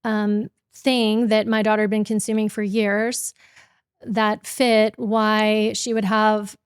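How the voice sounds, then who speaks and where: Middle-aged woman guest, earnest and measured, smooth but flat delivery, dry close mic. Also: mid-range voice, no echo. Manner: measured, earnest, slow recounting. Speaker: guest, company founder. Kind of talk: interview storytelling.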